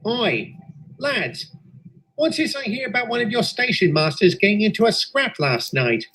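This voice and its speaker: A man voicing a blunt, gossipy male diesel engine, in a higher voice than his narration. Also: very animated, moderate pace, sharp tone, slightly rough, heavily acted. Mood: nosy.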